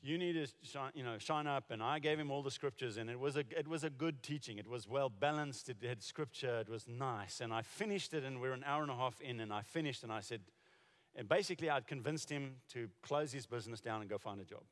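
In a reverberant hall, a pastor aged forty or older delivers a sermon at a slightly fast pace in a mid-range voice. He tells his stories conversationally, with many restarts.

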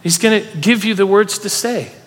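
A pastor with a high voice preaches a sermon to a congregation at a normal speed, telling stories and urging listeners to respond. The recording carries a long hall reverb.

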